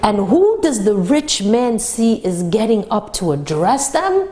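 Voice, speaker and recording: A woman teaching a Torah class for women, retelling a story with animated, dramatic delivery. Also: medium pitch, a little slow.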